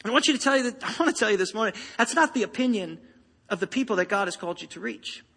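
A man's voice: high-pitched, expressive, very fast, gravelly, fairly bright tone, husky. A man preaching a sermon to a congregation, emphatic and rousing, speaking straight to the listeners. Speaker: pastor. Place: church sanctuary. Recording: long reverb of a large hall.

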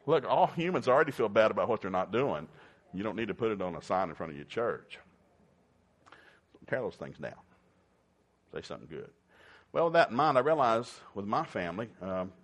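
An older man preaching a folksy sermon, telling homespun stories with lively, emphatic bursts. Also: on the low side.

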